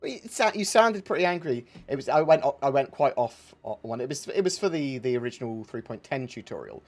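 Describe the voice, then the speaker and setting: A man's voice: medium pitch, animated, fairly quick, a little mellow. Rambling man hosting a livestream. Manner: rambling, self-interrupting, chaotic. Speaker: livestream host. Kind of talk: casual livestream chat.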